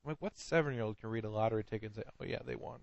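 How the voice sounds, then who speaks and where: A man co-hosting a comedy podcast in casual chat, laughing often and getting excited. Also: fairly low pitch, rapid-fire, gravelly, no room sound, muffled recording. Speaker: podcast co-host.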